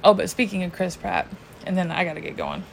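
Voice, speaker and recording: Animated, swearing woman chatting casually. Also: lowish voice, fast talker, creaky, low-quality recording. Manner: animated, swears, acts out her own reactions. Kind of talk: casual chat.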